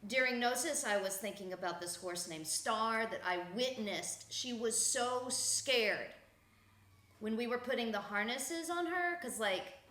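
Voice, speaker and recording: A woman's voice: fairly high pitch, measured pace, a bit bright, reverberant. A woman hosting a casual spiritual podcast, blunt and profane, laughing often as she talks. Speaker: podcast host.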